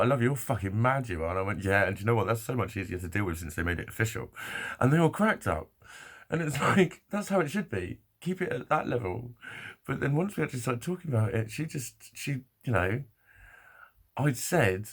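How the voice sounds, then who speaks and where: A man telling a rambling personal story to camera, swearing often and laughing as he goes. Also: low-pitched. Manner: swears freely, laughs often, animated retelling. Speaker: vlogger. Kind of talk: casual storytelling monologue.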